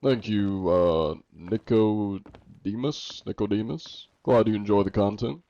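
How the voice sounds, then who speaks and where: A man's voice: fairly low pitch, slow pace, mellow. A young American man streaming a game, reading chat aloud and answering it with jokes. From United States. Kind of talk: casual livestream chat. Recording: dull lo-fi stream audio.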